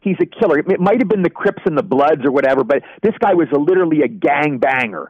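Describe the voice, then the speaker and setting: Older guy rattling off stories quick, a bit high voiced, dry dull audio. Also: husky, no room sound. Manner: animated anecdote teller, acts out quoted voices. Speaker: interview guest, actor. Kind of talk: storytelling in a casual interview.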